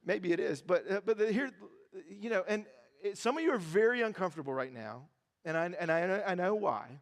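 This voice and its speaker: A male pastor preaching a sermon in a church, lively and joking, repeating phrases for emphasis. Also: sits high, fairly quick. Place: large church auditorium. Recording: reverberant church hall.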